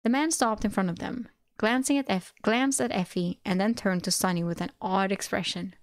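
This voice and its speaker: A woman streaming a live reading of a web novel, breaking off to react with excited exclamations and swearing. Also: medium pitch, moderate pace, dry recording, clean studio sound.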